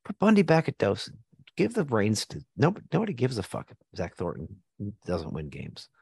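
A man's voice: fairly low pitch, huge pitch swings, a little fast, vocal fry, a little mellow, slightly rough, dry recording. An American man hosting a casual sports chat, blunt and joking with plenty of swearing. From United States.

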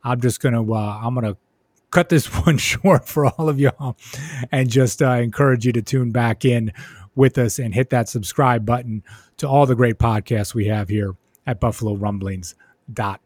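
A male sports podcast host, slightly hoarse from losing his voice, talking in a casual, conversational way full of fillers and tag questions. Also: mid-range voice, normal speed, a little mellow, no echo, studio quality. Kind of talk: casual spoken commentary.

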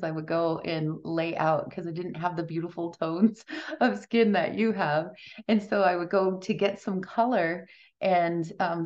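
A woman's voice: lowish voice, darkish tone, dull audio. A middle-aged woman, an author guest on a podcast, telling stories in a chatty way and often laughing. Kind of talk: casual interview storytelling.

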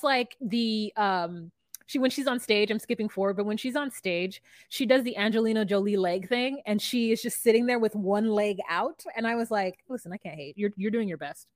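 A woman's voice: fairly high pitch, dry recording. A woman co-hosting a podcast, recapping a reality show in casual, gossipy chat full of "like" and "um". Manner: gossipy, lots of "like" and "um", puts on voices while quoting. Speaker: podcast co-host.

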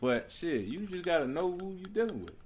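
A man co-hosting a podcast, arguing loudly and laughing often in casual banter. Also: fairly high pitch, big pitch swings, a little fast, a little hiss or hum. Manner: loud, argumentative, laughs a lot. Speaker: podcast co-host.

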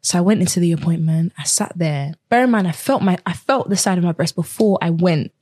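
A young woman tells her own story in earnest, acting out the voices of people she met along the way. Her voice sits a little low and has a husky edge. The recording is dry, with no room sound around her. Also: a little fast, darkish tone, dry recording. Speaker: guest. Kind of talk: personal testimony in a conversation.

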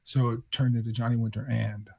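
A man in his sixties from New York, a guest musician telling animated stories and acting out the people he quotes. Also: mid-range voice, brisk, vocal fry. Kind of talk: storytelling interview.

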